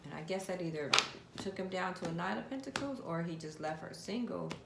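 Gravelly low-voiced woman reading tarot. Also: brisk. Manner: chatty, addresses viewers directly, asks spirit questions aloud. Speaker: tarot card reader. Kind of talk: casual tarot reading to viewers. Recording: echoey room with steady background noise.

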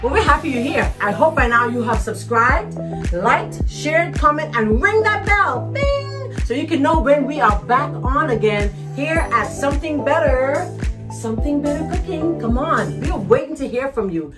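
A woman's voice: high voice, animated, normal speed, over music. A Bahamian woman hosting a cooking show from her kitchen, chatting in a bubbly, teasing way. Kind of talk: lively cooking show chat. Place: home kitchen.

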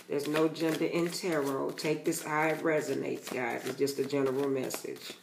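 A man with a somewhat high, gravelly voice talks through a tarot spread for his viewers, blunt and emphatic, cursing as he goes. He sounds like he is in an echoey room, with faint noise behind him. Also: level tone, normal speed. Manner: blunt and emphatic, swears freely. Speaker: tarot reader. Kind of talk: casual tarot reading vlog.

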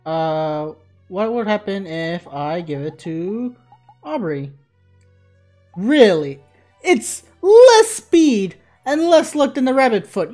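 A woman playing a video game, giving casual commentary in an excitable way, swearing freely. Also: on the high side. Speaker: let's play gamer.

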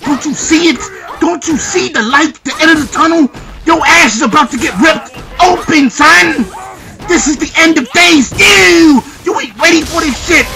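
A man giving loud, hyped commentary over his own fighting game matches, trash-talking and shouting with lots of profanity. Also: very high-pitched, gravelly. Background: fighting game music.

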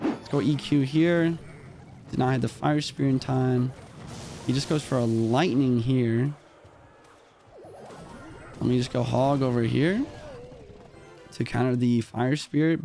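A young man streaming a mobile game, calling out each move in quick play-by-play while a little short on sleep. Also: mid-range voice, a little mellow. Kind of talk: live gameplay commentary.

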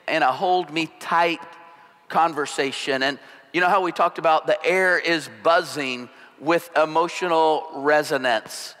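A male pastor preaching a sermon in a relaxed, conversational, joking storytelling manner. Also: on the high side. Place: church sanctuary. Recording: long hall reverb.

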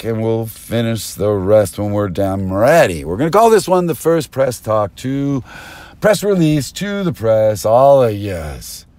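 Slow, rambling man with a swooping voice. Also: mid-range voice, a little mellow, dry recording. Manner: erratic, conspiratorial, jumps between topics. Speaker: self-styled press speaker. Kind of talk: rambling stream-of-consciousness monologue. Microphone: binaural.

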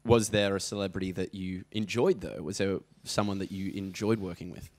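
A male host leads a studio interview in front of a live audience. He asks his questions plainly and keeps the guest talking with short replies. His voice sits a little low, and the sound is close and dry. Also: steady tone, a little fast, darkish tone, dry recording. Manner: brief encouraging interjections and questions. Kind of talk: interview chat.

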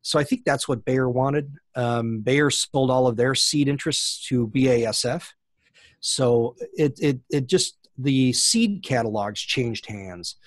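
A middle-aged man answers interview questions at an even middle pitch, thinking aloud with frequent ums and restarts. His voice is recorded close and dry, with no room sound. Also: unhurried, no room sound. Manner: thoughtful, many fillers and restarts. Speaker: guest, plant scientist.

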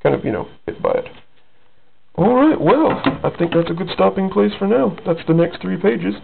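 A man's voice: high voice, very animated, moderate pace, vocal fry, background noise. A man casually reading his own comic aloud, with rambling asides. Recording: tinny lo-fi phone-like sound.

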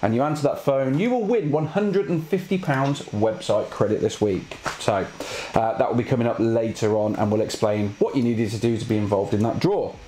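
A man's voice: medium pitch, normal speed, few pauses, warm tone. A man hosting a live prize draw in casual chat, rambling with lots of fillers and restarts. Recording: echoey room with faint noise.

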